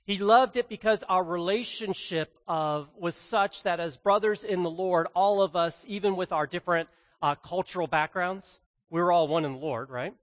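High-voiced guy preaching in church, telling a story and calling out folks in the pews. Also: moderate pace, a bit bright. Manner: storytelling, addresses congregation members by name. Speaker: pastor. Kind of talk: sermon with personal story.

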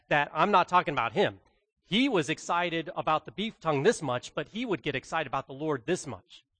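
High-voiced guy preaching in church, telling a story and calling out folks in the pews. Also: a bit bright. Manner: storytelling, addresses congregation members by name. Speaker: pastor. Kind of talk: sermon with personal story.

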